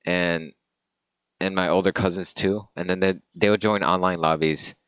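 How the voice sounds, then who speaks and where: A man's voice: deep voice, steady tone, normal speed, smooth. A young man co-hosting a podcast, chatting casually and jokingly, often trailing off. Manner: joking, rambling, trails off quietly. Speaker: podcast co-host. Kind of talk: casual chat.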